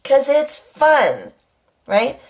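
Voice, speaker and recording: A woman's voice: sits high, huge pitch swings, drawn-out words. A middle-aged woman at home, hosting a casual live chat to her viewers. She rambles and keeps asking "right?". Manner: chatty, rambling, often asks "right?". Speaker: live-stream host. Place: at home with a kitchen nearby.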